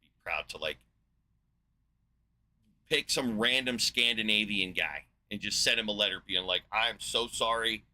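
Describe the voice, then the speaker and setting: A man in his forties from the United States, giving a profane, sarcastic and exasperated rant as a video host, rambling with filler pauses. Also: lowish voice, sharp tone, rough recording. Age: 40s. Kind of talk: ranting monologue.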